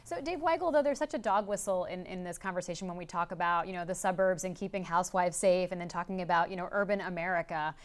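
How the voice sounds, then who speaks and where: A woman's voice: fairly low pitch, fast, few pauses. A young adult woman anchoring a live political news panel, asking panelists conversational questions.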